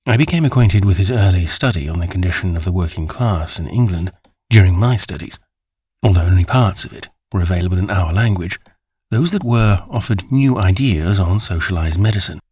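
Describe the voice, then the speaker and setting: Male audiobook reader, low husky tone, dry close studio sound. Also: a little mellow, dry recording. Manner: measured storytelling. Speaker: audiobook narrator. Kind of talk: scripted narration.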